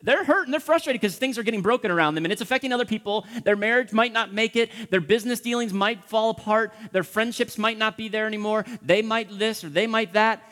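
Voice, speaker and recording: A man preaching a sermon as pastor, impassioned, acting out prayers and dropping from loud pleading to hushed whispers. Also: high voice, fast talker, few pauses, big-room sound.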